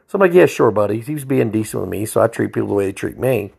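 A man's voice: lowish voice, very fast, vocal fry, a little mellow, husky. A man, a state trooper telling a story in a blunt, profane, folksy way. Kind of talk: casual storytelling.

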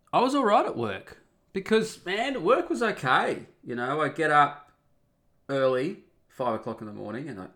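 A man's voice: medium pitch, a bit bright. A man telling a personal story in a casual, rambling monologue, wry and full of swearing. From Australia.

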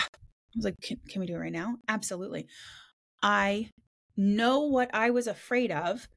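A woman hosting a casual spiritual roundtable podcast, talking quickly and excitedly, swearing offhandedly and acting out conversations as she tells stories. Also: mid-range voice, gravelly. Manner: animated storytelling with quoted voices. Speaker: podcast host.

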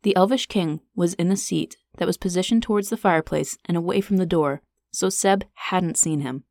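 Lowish-voiced woman narrating a fantasy story. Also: normal speed, vocal fry, a little mellow, no echo.

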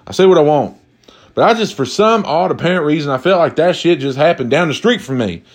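A man's voice: on the high side, animated, fairly quick. Rambling, cussing man. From Kentucky. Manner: rambling, swears constantly, many restarts and fillers. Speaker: vlogger. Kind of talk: profane comedic rant.

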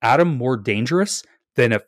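On a casual podcast, a young male co-host tells a story animatedly at a moderate pace in a mid-range voice, swearing a lot and hedging and restarting as he goes. The recording is studio quality with no echo.

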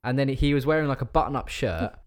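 A man's voice: medium pitch, expressive, fast. Young man telling a teasing story. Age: young adult. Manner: teasing, laughs while telling stories. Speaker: podcast co-host. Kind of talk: casual banter, storytelling.

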